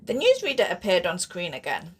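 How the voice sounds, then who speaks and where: A woman author narrates her own sci-fi horror novel as an audiobook, steady yet expressive. Her husky voice sits fairly low, and she reads at a brisk clip.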